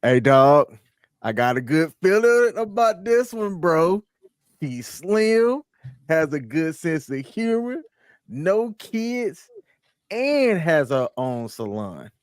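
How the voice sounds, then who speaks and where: A man's voice: on the high side, big pitch swings, slow pace, no echo, studio quality. A man playing a swaggering online dater. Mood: boastful. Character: man in a skit lying about his dating profile.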